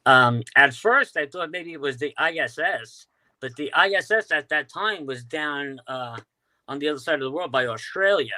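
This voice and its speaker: On the high side and full of lively intonation, his bright, forceful voice moves at a moderate pace. This Staten Island UFO sky watcher with a New York accent tells stories as an interview guest in casual chat, often restarting and leaning on fillers.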